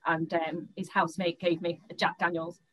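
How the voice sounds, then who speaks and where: A woman's voice: fairly low pitch, level tone, moderate pace, fairly bright tone, poor audio. A young woman, recounting a personal experience in an interview, often stopping, restarting and repeating words.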